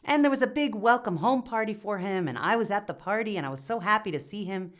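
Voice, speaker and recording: A woman's voice: mid-range voice, lively intonation, quick pace, close to an everyday voice. A woman telling it as a guilt-ridden young villager. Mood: remorseful. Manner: confessional, stammering with restarts.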